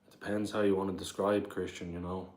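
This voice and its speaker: A man's voice: low voice, flat delivery, fast talker, darkish tone. A man with a Dublin Irish accent rambling casually on a livestream from his apartment, full of "like" and "bro". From Ireland. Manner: rambling, says "like" and "bro" often. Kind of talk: casual livestream chat, reading comments aloud.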